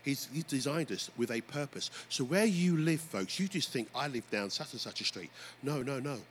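Man, pastor, animated sermon storytelling, middle pitch, faint background noise. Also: normal speed. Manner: animated storytelling preacher, often addressing "folks". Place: church.

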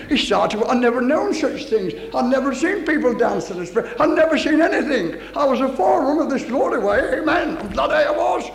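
An older man preaching a fervent Pentecostal sermon, reading scripture aloud and exclaiming with excitement. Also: very high-pitched, brisk, few pauses. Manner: fervent, exclaiming, breaks into song. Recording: echoey hall reverb.

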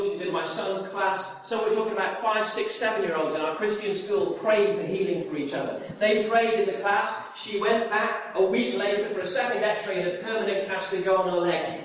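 Male pastor, high voice, far from mic, roomy church echo, animated sermon storytelling. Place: church hall. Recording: echoey hall from far off.

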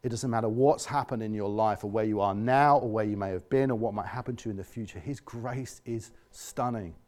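Speaking fast in a lowish voice, a male pastor delivers an earnest sermon. He drops to quiet tones, then rises loud, and often acts out the voices of those he quotes.

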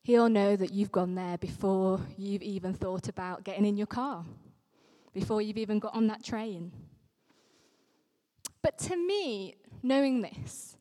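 A woman's voice: mid-range voice, unhurried, mellow. A woman vicar giving an earnest, emphatic sermon. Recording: long reverberant hall sound.

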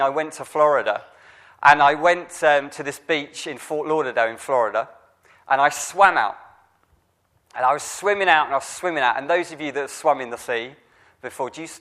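A man with a fairly high voice delivers a sermon. He talks conversationally, often restarting his phrases as he tells a story to the congregation. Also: a bit bright. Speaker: preacher.

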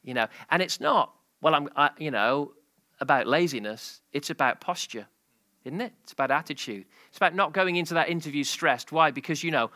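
A man's voice: a little high, a little fast, sharp tone, dry recording. A male pastor preaching a sermon, telling a story and building to a passionate climax.

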